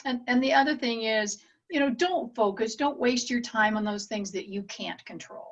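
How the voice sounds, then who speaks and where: A woman's voice: fairly high pitch, normal speed, a bit bright. A middle-aged woman hosting a podcast, giving earnest advice in casual interview chat. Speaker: podcast host. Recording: dull lo-fi audio.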